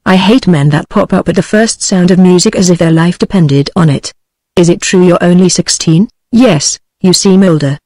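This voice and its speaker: A woman's voice: on the low side, moderate pace, no echo, natural voice. A British female TTS voice reading a restless teenage girl. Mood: dreamy. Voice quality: even, mechanical text-to-speech delivery.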